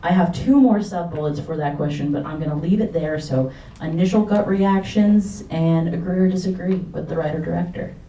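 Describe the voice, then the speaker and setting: A woman's voice: lowish voice, moderate pace, warm tone. A woman moderating a panel discussion after a film screening, casual and upbeat as she reads out prompts. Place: cinema auditorium. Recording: echoey cinema, distant mic.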